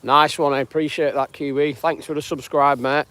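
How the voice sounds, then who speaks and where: Northern English male streamer, slightly high pitch, loose rambling chat. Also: flat delivery, moderate pace, a bit bright. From northwest England. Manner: rambling and chatty, greets viewers by name. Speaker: live-streaming channel host. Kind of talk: casual live-stream chat. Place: outdoors on a dog walk.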